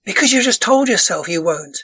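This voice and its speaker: This man's high-sitting, hoarsening voice is expressive, brisk, bright and forceful, captured on a low-quality recording with no room sound. A dance counsellor guesting on a casual podcast interview, he explains earnestly, often circling back to restart phrases.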